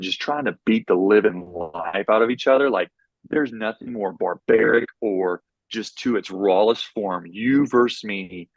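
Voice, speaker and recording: A middle-aged coach gives a fired-up, motivational talk in a podcast interview, stumbling over his words and restarting as he pushes his points. His voice sits low, and the sound is dry and close with almost no room echo. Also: muffled recording. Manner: intense, motivational, fast with many restarts. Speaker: college cross country and track coach.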